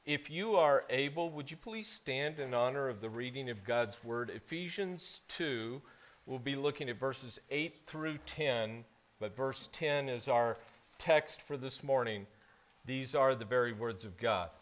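A man preaching a sermon as pastor, reading scripture slowly and then preaching with strong emphasis. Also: medium pitch. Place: church sanctuary.

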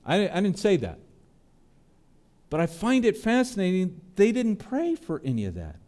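A man preaching a sermon, earnest, his voice dropping low and soft on tender lines and lifting on prayers. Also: huge pitch swings, moderate pace. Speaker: pastor.

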